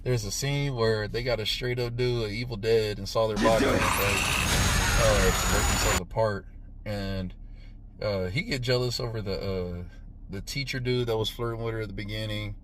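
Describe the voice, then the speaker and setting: A man in his thirties giving a casual, profane movie review, punctuating the retelling with "boom" sound effects and "right?" after nearly every line. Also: normal speed, very noisy. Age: 30s. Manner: animated, profane, says "right?" constantly.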